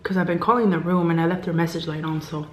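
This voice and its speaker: This woman's voice sits on the low side and moves fast as she, a vlogger, breezily shares something that happened at work, acting out what people said to her. Her chatty quoting turns into a quiet whisper whenever tension rises, all captured in an echoey space.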